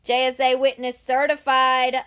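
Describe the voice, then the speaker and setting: A woman's voice: sits high, flat delivery, moderate pace, a bit bright, clean tone. A woman hosting a live sales stream, bubbly and teasing, laughing often. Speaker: host selling signed merchandise.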